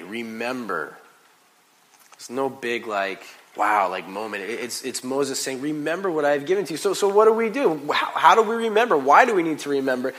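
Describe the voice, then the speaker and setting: A man preaching a sermon in a casual, conversational way, full of "like" and "you know", swinging from quiet asides to loud, emphatic bursts. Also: medium pitch, normal speed, low-quality recording. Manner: animated, conversational preaching with big swings in loudness. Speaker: pastor.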